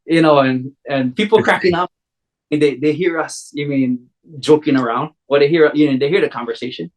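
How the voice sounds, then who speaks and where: A man's voice: fairly high pitch, brisk, low-quality recording. A Hawaiian man in his forties recounts his own story in a loose, conversational way. He rambles and restarts, filling the gaps with "you know," and slips into the voices of the people he describes. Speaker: contractor telling his story. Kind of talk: casual storytelling.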